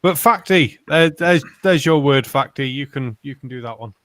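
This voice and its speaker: A man's voice: medium pitch, lively intonation, moderate pace, a bit bright, no room sound. A man hosting a casual poker stream, chatting, swearing and telling jokes. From North Wales. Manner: swearing, laughs between lines.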